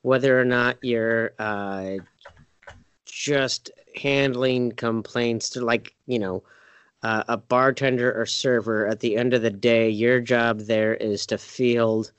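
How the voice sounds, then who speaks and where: A man co-hosting a casual podcast chat, thinking out loud in long looping sentences with fillers. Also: medium pitch, steady tone, slow pace, clean tone, no echo. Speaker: podcast co-host. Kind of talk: casual chat over beer.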